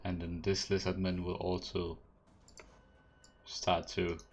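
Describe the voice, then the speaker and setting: A man serves as game master for a tabletop game, his voice sitting very low. He talks casually, laughs along with his players and patiently explains how the rules work. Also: monotone, takes it slowly, a little hiss or hum.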